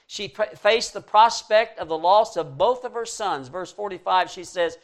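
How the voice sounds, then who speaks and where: Earnest preacher man, fairly high voice. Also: normal speed, vocal fry, hardly any pauses. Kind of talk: sermon.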